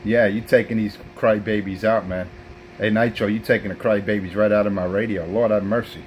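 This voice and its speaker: A man's voice: on the low side, steady tone, a little fast, highs cut off, noisy background. A man, trash-talking rivals as a brash, profane CB radio operator. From South Bronx, New York.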